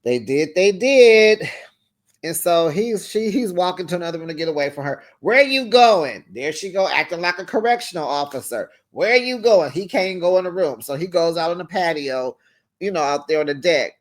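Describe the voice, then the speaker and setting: A reality TV reviewer giving casual commentary to the camera, animated and talking straight to the cast. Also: mid-range voice, brisk. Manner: animated, talks straight to the cast, acts out quotes.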